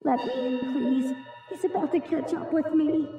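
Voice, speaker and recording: A battered young woman, acted by a woman, pleads breathlessly and urgently at a door in an animated horror tale. Her voice sits high and strained. The take sounds dull and echoey, with music playing underneath. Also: normal speed. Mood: desperate begging. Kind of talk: animated horror story voice acting.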